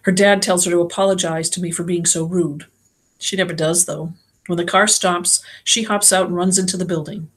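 A woman's voice: on the low side, fairly even intonation, normal speed, slightly rough. A woman reading an audiobook in the first person, telling the story in a plain, slangy girl's voice. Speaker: audiobook reader.

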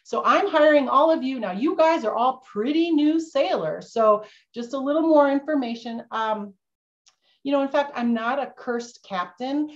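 A woman's voice: high voice, moderate pace, close to an everyday voice. A woman playing a bumbling, jittery male schooner captain who insists he isn't cursed, in a storytelling role-play for kids over a video call. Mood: fumbling. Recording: dull lo-fi video-call audio.

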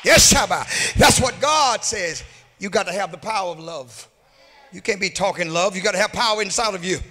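A pastor preaching a sermon, rising into sung and shouted peaks, recorded in a church sanctuary. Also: male voice, sits high, a little fast. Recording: hall reverb from a church livestream.

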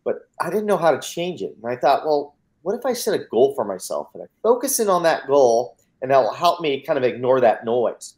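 A man's voice: mid-range voice, big pitch swings, a little fast, hardly any pauses, darkish tone. Earnest American man telling his story. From United States. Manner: earnest, emphatic, acts out dialogue; repeats words when starting. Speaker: mindset coach, guest. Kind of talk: personal storytelling interview.

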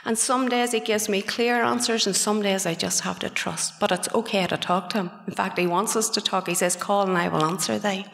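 A middle-aged woman with a Northern Irish accent giving a fervent church testimony, at times dropping to a hushed whisper. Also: medium pitch, steady tone, fairly quick, vocal fry, hardly any pauses. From Northern Ireland. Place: fellowship meeting hall. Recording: echoey hall with long reverb.

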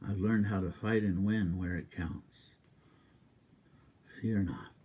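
A man preaching a sermon as a minister, exuberant and emphatic, repeating exhortations and breaking into loud rhythmic laughter. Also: low voice, steady tone, slow pace, breathy edge.

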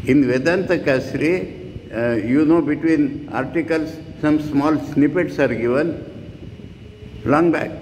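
An elderly man with an Indian accent delivers a devotional lecture in an earnest, wandering way, with asides. His voice sits a bit high for a man and carries a long reverb, with a faint hiss underneath. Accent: Indian English. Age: 80s. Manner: earnest, digressive storytelling with asides. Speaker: monk giving a lecture. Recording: reverberant room with faint noise.

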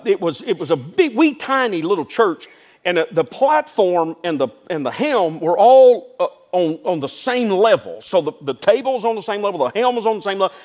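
A man pastor preaching a sermon, telling folksy stories and building to emphatic declarations. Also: sits high. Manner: folksy asides, calls listeners "son".

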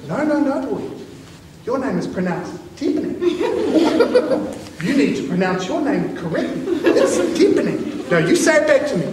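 A man's voice: very high-pitched, very animated, normal speed, noisy background. A man doing a bossy older phone lady. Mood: scolding. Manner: bossy, schoolmarmish. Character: stern older woman correcting a boy by phone. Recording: echoey school hall from far off.

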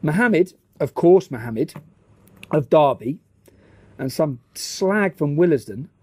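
Brash, profane male commentator with a fairly high voice. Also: lively intonation, slow, dark tone, slightly rough. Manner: brash, profane, laughing asides. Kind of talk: casual news commentary and anecdote.

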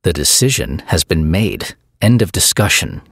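A man's voice: low voice, sing-song, normal speed, creaky, fairly bright tone, husky, no room sound, clean studio sound, heavily acted. A man voicing a firm, protective middle-aged father who speaks in a stern, commanding way. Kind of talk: audiobook character voice.

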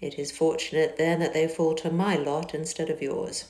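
A woman reading a novel aloud and voicing a proud, reserved young gentleman, speaking low, quietly and curtly. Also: flat delivery, normal speed, natural voice. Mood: cool. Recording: echoey car interior.

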